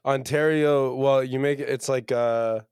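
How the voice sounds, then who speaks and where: A man chatting casually as podcast co-host, easygoing, with quick, agreeable quips. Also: mid-range voice, fairly even intonation, a little mellow, smooth, no echo, studio quality. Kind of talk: casual chat.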